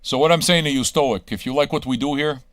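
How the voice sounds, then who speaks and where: A man's voice: mid-range voice, fast, no room sound. A man hosting a live radio stream, ranting crudely at his listeners with constant swearing and rhetorical questions. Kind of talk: crude rambling monologue to chat.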